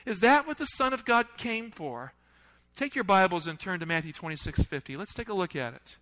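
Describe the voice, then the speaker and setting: A man preaching a sermon, asking the congregation questions and swinging between loud, urgent lines and hushed ones. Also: high-pitched, animated, brisk, low-quality recording. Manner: asks the audience questions.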